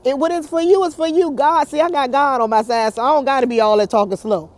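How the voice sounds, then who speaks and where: A woman talking casually to her viewers in a gossip vlog, animated and chatty, recorded outdoors. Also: high-pitched, fast talker. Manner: animated, chatty, laughs often, addresses viewers as y'all. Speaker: YouTube commentator.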